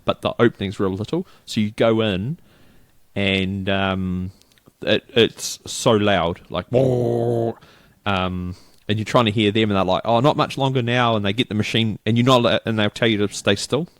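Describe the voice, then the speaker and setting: A man's voice: lowish voice, fairly even intonation, unhurried, dry recording. A middle-aged New Zealand man chatting casually as a podcast co-host, rambling through a story and acting out the people in it. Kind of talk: casual chat.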